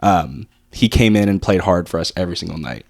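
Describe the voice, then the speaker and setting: Low-voiced man talking sports on a dry mic. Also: animated, brisk, gravelly, darkish tone, no room sound. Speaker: podcast co-host. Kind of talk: casual sports chat.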